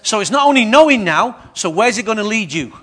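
High-voiced preacher. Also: male voice, brisk. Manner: lively, questions the congregation. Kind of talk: sermon.

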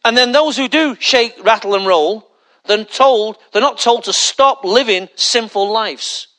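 A man's voice: sits high, measured pace, bright, forceful tone. A male pastor preaching a conversational sermon full of rhetorical questions and mocking asides.

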